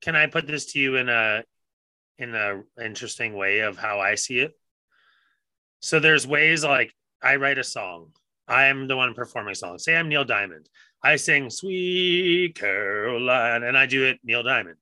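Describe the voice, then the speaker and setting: Male podcast co-host, very bright tense tone, laid-back and reflective, dry sound. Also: medium pitch, moderate pace, no echo, rough recording. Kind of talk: casual chat.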